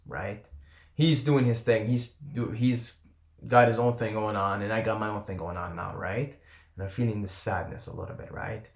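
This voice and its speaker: A man's voice: on the low side, echoey room. A man casually telling a long personal story in a rambling, candid way, swearing now and then and often asking "right?". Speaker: vlogger telling a trip story. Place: in Canada.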